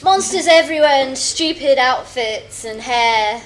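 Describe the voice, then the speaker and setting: A woman on a casual anime review show, retelling scenes with animated energy and laughter. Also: high-pitched, unhurried, a little hiss or hum, poor audio.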